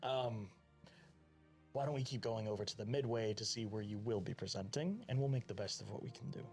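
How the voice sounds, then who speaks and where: A man narrates a tabletop role-playing game in a fairly low voice, pausing often and filling the gaps with ums and uhs. His manner is apologetic and soothing. Music plays clearly under his voice. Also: darkish tone. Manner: apologetic, hesitant with many fillers. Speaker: game master.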